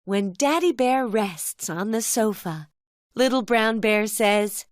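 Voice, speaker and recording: A woman telling a children's cartoon story as narrator, in a gentle storybook manner. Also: a little high, expressive, takes it slowly, dry recording, studio quality.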